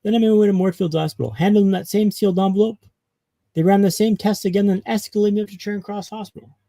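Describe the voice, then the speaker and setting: A man from Canada, a podcast guest, telling his own story with dramatic pauses. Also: high-pitched, steady tone, dark tone, no echo, rough recording. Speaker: guest speaker.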